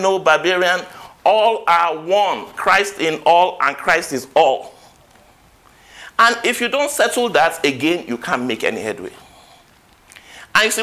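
A man's voice: sits high, bright, forceful tone. A man preaching a sermon, quoting scripture and rising to emphatic peaks.

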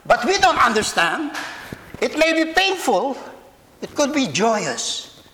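Male pastor, very high voice, unhurried and deliberate, preaching to a church congregation with a long echo in the hall. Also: a bit bright. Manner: slow, deliberate, repeats words, speaks to children and adults. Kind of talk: sermon. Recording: long reverb of a large hall.

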